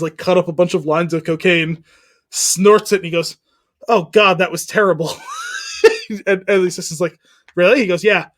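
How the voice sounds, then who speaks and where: A man co-hosting a podcast, casually retelling a comedy scene, acting out the lines and laughing often. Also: high-pitched. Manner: animated storyteller, acts out lines, laughs often. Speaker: podcast co-host.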